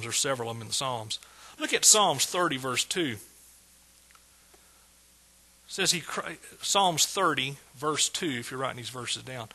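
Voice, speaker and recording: A preacher delivers a sermon in a strikingly bright, husky male voice pitched a little high. He speaks emphatically, leaping from hushed asides to loud bursts of praise. The audio quality is poor.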